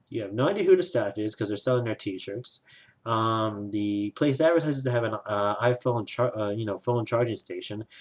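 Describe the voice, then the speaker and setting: A man giving a casual, sarcastic spoken review of a trip, griping and swearing, with frequent sighs. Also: on the low side.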